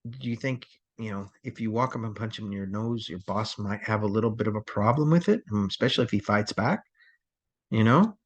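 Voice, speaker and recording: A man's voice: lowish voice, brisk, muffled recording. A man teaching a crisis response training lecture in a rambling, conversational way, with many fillers and restarts.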